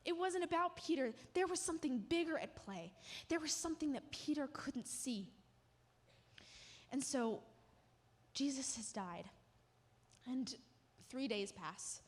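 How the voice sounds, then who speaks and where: Woman preaching in a reverberant hall. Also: a little high. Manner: vivid retelling, emotional emphasis. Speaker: church speaker. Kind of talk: storytelling sermon. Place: church.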